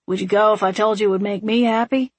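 A woman voicing a wry, patient man with a dry, steady, gently teasing manner. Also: mid-range voice, quick pace, dry recording, lightly acted.

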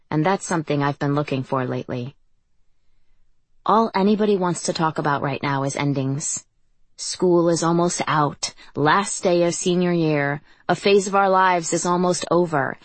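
A woman narrating a first-person audiobook in an even, reflective reading voice. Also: low-pitched, dry recording.

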